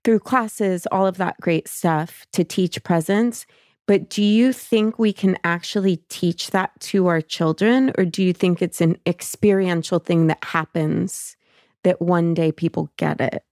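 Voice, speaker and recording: A woman's voice: on the low side, a little slow, darkish tone, no echo. Thoughtful woman host, mid-range voice, dry close sound, reflective. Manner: thoughtful, asks reflective questions. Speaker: podcast host. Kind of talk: casual chat.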